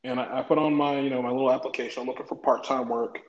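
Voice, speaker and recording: A man's voice: mid-range voice, steady tone, rapid-fire. A man hosting his first casual podcast, talking in a laid-back, rambling way with lots of fillers. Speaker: podcast host. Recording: dull, roomy home recording with faint hiss.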